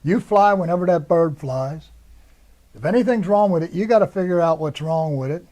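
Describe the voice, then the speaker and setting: A man's voice: a little high, moderate pace, mellow. An older American man, a Marine veteran, recounting his service in a rambling, anecdotal way and acting out the voices of the people he quotes. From United States. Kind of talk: oral history interview.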